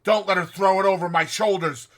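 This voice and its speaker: A dying man raves in terror at a ghost only he can see, pleading in high, loud, frantic cries, as a man puts him on in an audiobook. His voice is bright and strained. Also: lively intonation, moderate pace, creaky, full character voice. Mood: terrified. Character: terrified, raving dying man seeing a ghost.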